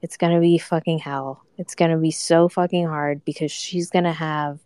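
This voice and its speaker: A woman's voice: low-pitched, level tone, normal speed, dark tone, smooth, dry recording, clean studio sound. A young woman giving a live reaction to a reality show, ranting casually with swearing and lots of fillers. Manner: ranting, profane, many fillers.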